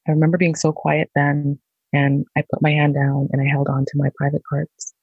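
A woman, a nurse, slowly telling her own story in a halting, reflective way. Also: low voice, level tone, darkish tone, husky, dry recording, muffled recording. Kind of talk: personal storytelling.

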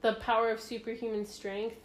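A woman's voice: fairly high pitch, flat delivery, brisk, a little hiss or hum. A young woman co-hosting a casual podcast, reading quiz questions aloud with playful, giggly asides. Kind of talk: casual chat.

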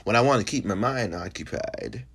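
A young man with a very deep, low voice, hosting his own podcast alone. He is high and rambles loosely, dropping profanity and fillers as he talks. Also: normal speed, breathy edge. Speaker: podcast host. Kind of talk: casual solo podcast monologue.

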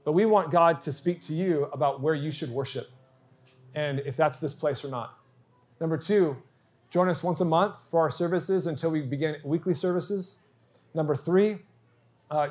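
Earnest man pastor preaching. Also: a little high. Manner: earnest, acts out quoted dialogue. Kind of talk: sermon storytelling.

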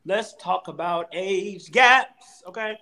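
A man co-hosting a podcast in casual chat, talking in an animated, emphatic way with plenty of slang. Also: sits high, takes it slowly, poor audio. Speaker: podcast co-host.

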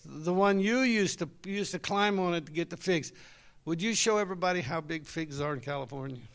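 A man's voice: fairly high pitch, a little fast. A middle-aged man, preaching a folksy, conversational sermon and talking with his congregation.

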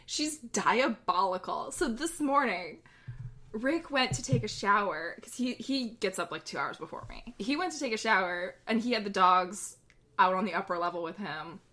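Bright giggly young woman podcaster. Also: medium pitch, lively intonation, moderate pace. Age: young adult. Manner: giggly, rambling storytelling with frequent laughter. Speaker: podcast co-host. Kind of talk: casual chat.

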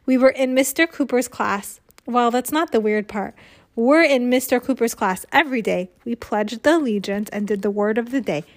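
A woman reads a children's story aloud with lively, expressive narration. Her voice sits a little high. Between passages she chats with a young listener. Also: moderate pace. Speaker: reader.

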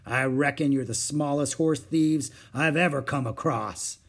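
A man's voice: fairly high pitch, unhurried. A man voicing a friendly, drawling cowboy in a storybook reading. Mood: folksy. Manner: folksy western drawl. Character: friendly drawling adult cowboy, gruff and kind.

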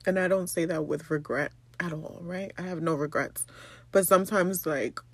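A young woman, from the Bronx, hosting a personal podcast monologue, tearful and halting, with many pauses and ums. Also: on the low side, husky, dry recording. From the Bronx, New York. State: tearful, crying. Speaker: podcast host.

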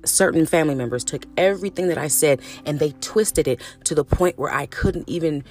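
A woman's voice: sits low, fairly quick, a little mellow, soft background music. A middle-aged woman hosting her own podcast, talking frankly in a casual, chatty way, cussing freely and calling her listeners honey and baby. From California. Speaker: podcast host. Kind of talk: casual solo podcast monologue.

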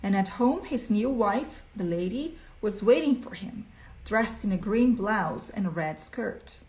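Expressive woman reading a story aloud. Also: mid-range voice, measured pace. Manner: expressive, asks listeners questions. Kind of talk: storytelling lesson.

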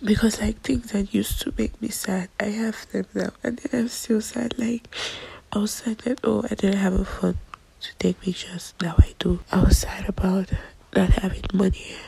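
A woman's voice: medium pitch, steady tone, creaky, mellow, breathy edge, rough recording. Crying woman whispering a phone diary. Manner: whispering, halting, trailing off.

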